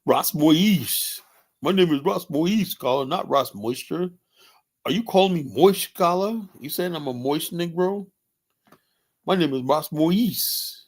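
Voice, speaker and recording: A man's voice: medium pitch, animated, normal speed, few pauses. A man voicing a mocking, whiny French-accented rival who complains about his name. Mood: indignant.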